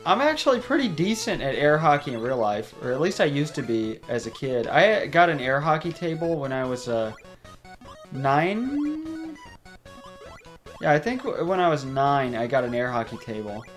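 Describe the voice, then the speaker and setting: With a fairly high pitch and big pitch swings at normal speed, a young let's play host chats through his gameplay from a home room. Faint music sits behind his casual, tangent-filled rambling, and he laughs a lot.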